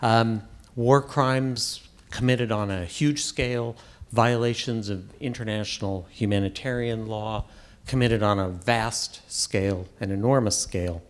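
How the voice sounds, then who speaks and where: A man's voice: on the low side, fairly even intonation, a little slow. Emphatic man arguing a policy case. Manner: emphatic, repeats key points for weight. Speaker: debate panelist, former ambassador. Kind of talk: public policy debate.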